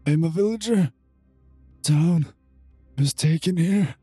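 A man's voice: fairly high pitch, slow, warm tone, breathy edge, dry recording, soft background music, voice pushed up. A man voicing a withered, starving male vampire prisoner who speaks in a faint, pleading voice in a tabletop game. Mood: weary.

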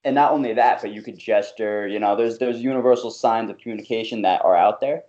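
A man's voice: on the low side, quick pace, mellow, lo-fi sound. A young man in a casual chat with friends, hesitant, with many fillers, saying "bro.".

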